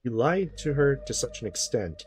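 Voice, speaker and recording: A woman voicing a formal, courteous phone companion in a visual novel game, with crisp, proper diction and a raised voice. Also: very deep voice, big pitch swings, moderate pace, darkish tone, slight background noise.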